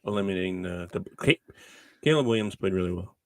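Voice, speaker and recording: A man's voice: low voice, fast talker, no echo. A man co-hosting a casual sports podcast, ranting in an exasperated way. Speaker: podcast co-host.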